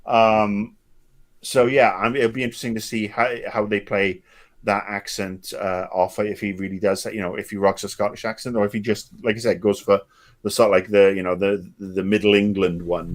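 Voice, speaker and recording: A man's voice: fairly low pitch, flat delivery, moderate pace. A middle-aged man co-hosting a podcast, chatting casually with sarcastic jokes, plenty of fillers and restarts. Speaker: podcast co-host. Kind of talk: casual chat.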